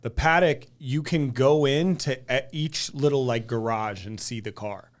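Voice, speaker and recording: A young man co-hosting a podcast, telling stories animatedly and acting out quotes in exaggerated voices. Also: a little slow. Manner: animated storyteller, acts out quotes in high voices. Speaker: podcast co-host. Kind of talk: casual chat.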